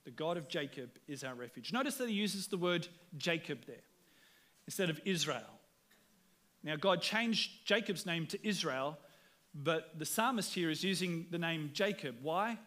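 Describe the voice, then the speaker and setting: A man's voice: a little high, lively intonation, a little slow, bright, forceful tone. A man with an Australian accent, preaching a sermon as pastor in an earnest, conversational way, often repeating words as he starts sentences. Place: church.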